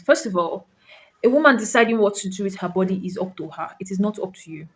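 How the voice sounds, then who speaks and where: A woman's voice: mid-range voice, lively intonation, fast talker. A woman from Nigeria ranting to camera, emphatic and full of rhetorical questions, with some swearing. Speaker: vlogger. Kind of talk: impassioned rant to camera.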